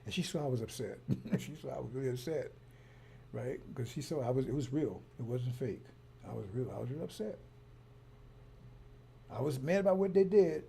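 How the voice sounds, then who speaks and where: A man's voice: medium pitch, a little fast, gravelly, mellow, a little hiss or hum. A man telling a story and ranting in a heated, rambling way, repeating himself often. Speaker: broadcaster. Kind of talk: casual monologue.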